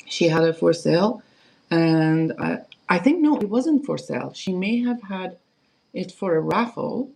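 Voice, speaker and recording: A woman's voice: fairly low pitch, lively intonation, a little slow, creaky, darkish tone, slightly rough, low-quality recording. A woman hosting a casual perfume livestream, rambling and chatty with lots of fillers and restarts. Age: adult, parent of kids.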